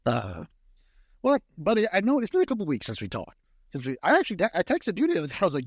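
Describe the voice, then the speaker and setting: Rambling, lively-voiced podcast host. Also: male voice, high-pitched, quick pace, husky, no echo, studio quality. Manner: rambling with many restarts and swearing. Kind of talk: casual chat.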